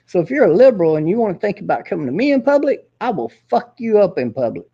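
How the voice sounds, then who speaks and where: A man's voice: high voice, very animated, fast, mellow, muffled recording. A man hosting his own show, ranting in a profane, combative and boastful way. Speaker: host. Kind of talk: casual ranting monologue.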